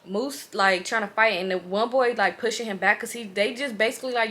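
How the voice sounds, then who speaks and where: A woman in her twenties telling an animated, slangy, profane storytime on her vlog. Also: fairly high pitch, fairly quick. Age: 20s. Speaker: vlogger.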